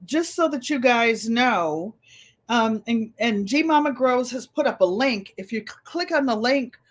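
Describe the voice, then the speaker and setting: An older woman hosting a live stream, chatting warmly with viewers and telling family stories. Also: fairly high pitch, animated, measured pace. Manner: chatty, storytelling, greets viewers by name. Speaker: host.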